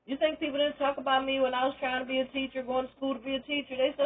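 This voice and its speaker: A woman's voice: sits high, level tone, rapid-fire, narrow, tinny audio. An older woman, a retired teacher, telling her own story in a candid, emphatic monologue that encourages listeners. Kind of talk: personal testimony monologue.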